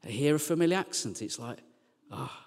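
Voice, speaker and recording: Male preacher, high voice, conversational and jokey, long hall echo. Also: animated, normal speed. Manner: conversational and joking, dropping to quiet earnest lines. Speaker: pastor, team leader. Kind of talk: sermon.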